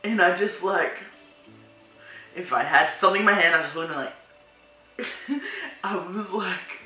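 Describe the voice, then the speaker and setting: A young woman tells a casual storytime to her vlog audience in an exasperated, animated way, laughing often. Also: lowish voice, unhurried, pauses often. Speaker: vlogger. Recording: echoey room, voice somewhat off-mic, faint music.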